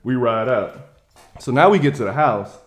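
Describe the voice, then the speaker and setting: A young man spins a comedic story, switching into different voices for each quoted line. His talk is loose, lively and conversational, with a medium pitch. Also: moderate pace. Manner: animated, acts out quoted lines in different voices.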